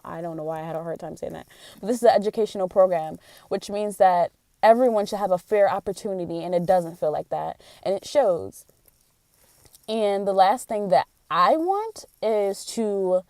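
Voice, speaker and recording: A woman's voice: mid-range voice, a little mellow, dry recording. A young woman, a college theater student, talking candidly in a casual vlog as she vents her frustrations. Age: young adult.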